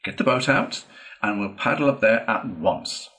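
A man voicing a cheerful, good-natured male water rat who talks briskly and confidently in a storybook reading. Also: lowish voice, expressive, bright, forceful tone, poor audio.

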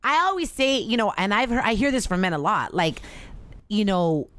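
A woman's voice: mid-range voice, moderate pace, no echo. Blunt, profane young woman chatting. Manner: candid, blunt and profane, animated. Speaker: podcast guest. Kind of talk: casual chat.

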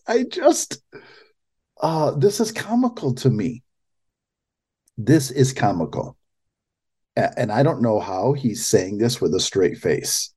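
Hosting a political commentary podcast, this man speaks in a medium-pitched, sing-song voice with a warm, slightly rough tone. His delivery is incredulous and halting, full of repeated restarts.

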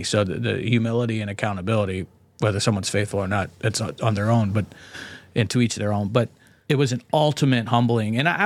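Blunt, profane man with a low voice. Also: dry recording. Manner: profane, blunt, frequent restarts. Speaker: podcast guest. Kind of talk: candid conversational storytelling.

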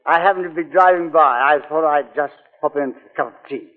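An actor in a 1940s radio play voicing a jolly, chatty upper-class friend who blurts out whatever comes to mind. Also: male voice, a little high, a little fast, close to an everyday voice. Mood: jovial. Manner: bluff, jolly, blurts things out. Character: breezy chatty upper-class Englishman, tactless. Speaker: visiting old friend. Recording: tinny old radio broadcast with reverb.

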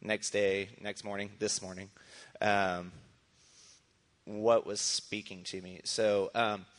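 Lowish bright voiced guy preacher, rambly and hesitant, laid back. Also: flat delivery, slow. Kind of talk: answering questions in church.

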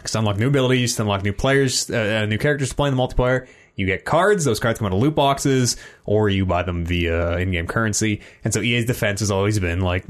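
A man hosting a casual gaming podcast, animated and swearing freely as he reads the news. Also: on the low side, fast. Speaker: podcast host.

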